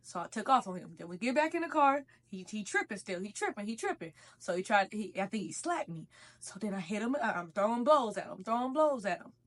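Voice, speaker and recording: A woman's voice: medium pitch, big pitch swings, fairly quick. A young woman telling a casual storytime while eating, in a slangy, profane, conversational way. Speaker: vlogger.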